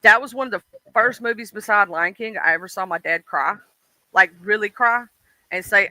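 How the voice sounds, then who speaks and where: A man's voice: sits high, normal speed, sharp tone, dry recording, low-quality recording. A man hosting a stream, chatting casually and rambling with lots of ums and "you know"s, laughing as he tells childhood stories. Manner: laughs and acts out childhood voices. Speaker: stream host. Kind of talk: casual chat.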